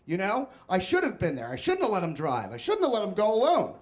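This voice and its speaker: A man's voice: high voice, wildly swooping pitch, fairly quick. A young man telling a comic, self-mocking personal story on stage at a live storytelling event.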